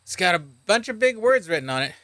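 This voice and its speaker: A man's voice: sits high, big pitch swings, brisk, a bit bright, dry recording. A man streaming a game, reacting animatedly and reading its text aloud. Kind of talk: let's play commentary.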